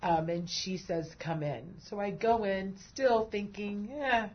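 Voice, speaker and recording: A woman with a husky, low-ish voice tells her story at a very slow pace. She gets emotional easily, laughing and tearing up. The sound is muffled and dull. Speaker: host. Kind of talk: emotional conversation.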